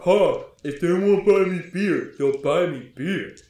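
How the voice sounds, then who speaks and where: A man voicing a dim-witted, drunk, burping young man who talks in a loud, slow, dopey drawl. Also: high-pitched, very animated, roomy sound, pitched above the performer's own voice, exaggerated voice.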